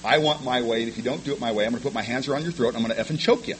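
A man with a mid-range voice tells a meeting about his recovery, frank and self-deprecating. He talks rapidly, often stumbling and repeating words. The recording is rough, with a little hiss or hum.

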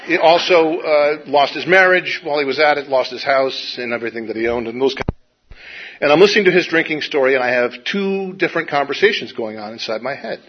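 A middle-aged man telling a personal recovery story to an audience in a wry, self-deprecating way, with halting restarts. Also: fairly high pitch, breathy edge. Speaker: speaker sharing a recovery story. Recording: dull lo-fi recording.

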